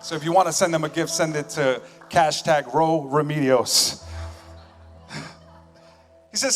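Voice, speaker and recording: A male pastor with a somewhat high voice delivers a sermon from a church stage microphone. His voice rings out with long hall reverb over faint music. He talks in a casual, joking way, moving between loud emphasis and soft asides. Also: unhurried, pauses often. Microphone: stage microphone with monitors.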